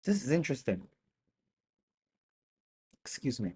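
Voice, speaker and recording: A man's voice: mid-range voice, measured pace, husky. A young man hosting a live stream, chatting casually as he reacts to videos. His voice swings widely as he exclaims and cracks jokes. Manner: animated, exclaiming, joking.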